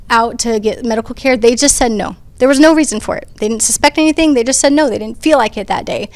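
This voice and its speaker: Earnest woman, higher voice. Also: no room sound. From United States. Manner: earnest, conversational, frequent ums and restarts. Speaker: panel speaker. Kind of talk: personal testimony in a panel discussion.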